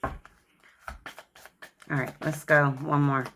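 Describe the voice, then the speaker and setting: Very deep-voiced gravelly woman tarot reader. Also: level tone, slow pace, a bit bright, slight background noise. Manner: sassy, chatty, calls the viewer honey and child. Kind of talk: tarot card reading to camera.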